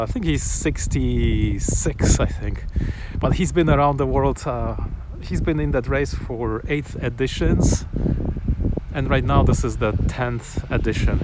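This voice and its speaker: A man's voice: mid-range voice, noisy background. A man chatting casually and enthusiastically, rambling with restarts and small chuckles, outdoors on a sunny afternoon. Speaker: vlogger. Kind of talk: casual chat to camera.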